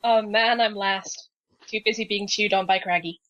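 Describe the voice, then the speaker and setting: A woman's voice: mid-range voice, steady tone, normal speed, fairly bright tone. A woman playing in a tabletop game, chatting playfully with the group. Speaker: player. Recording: dull lo-fi mic.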